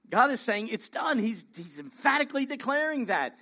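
High-voiced man preaching emphatically. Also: expressive, brisk, few pauses, sharp tone. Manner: emphatic, conversational preaching with rhetorical questions. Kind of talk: sermon.

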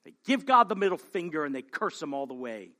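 A man preaching a sermon as pastor, swinging from hushed, slow lines to loud, pleading calls. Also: fairly high pitch, sing-song.

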